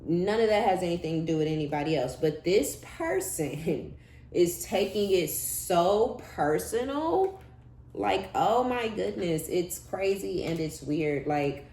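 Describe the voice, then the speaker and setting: Low-voiced blunt woman reading tarot. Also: expressive, a little slow, dark tone. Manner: blunt, profane, laughing asides, slangy. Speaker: tarot reader. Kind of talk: casual tarot reading monologue. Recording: echoey room with faint background hum.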